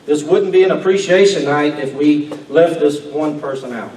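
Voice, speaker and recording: A man, a police chief reading a halting, emotional award speech and clearing his throat. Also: fairly high pitch, steady tone, a little mellow. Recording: echoey hall from far off with faint room noise.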